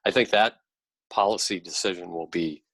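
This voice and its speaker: Measured, low-voiced man explaining policy. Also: a bit bright, no room sound, low-quality recording. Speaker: podcast guest, policy expert. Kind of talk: podcast interview.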